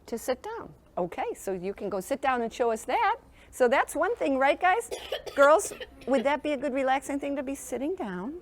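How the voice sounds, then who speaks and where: A woman who presents a sleep program teaches young children in a school classroom, speaking in a fairly high voice at a normal speed. She is very animated, using a warm, lilting teacher's tone and repeatedly making sure the class is following.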